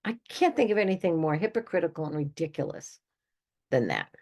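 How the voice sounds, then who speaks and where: Older woman, host-therapist; low, husky, emphatic, conversational. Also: very animated, brisk, darkish tone. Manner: emphatic, conversational, given to little laughs. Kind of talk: direct-to-listener advice monologue.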